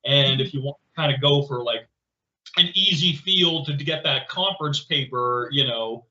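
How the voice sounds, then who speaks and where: Animated, rambling man with a bright voice. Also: medium pitch, normal speed. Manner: rambling, animated, many fillers and restarts. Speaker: podcast co-host. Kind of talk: casual conversational chat. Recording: roomy, slightly dull podcast audio.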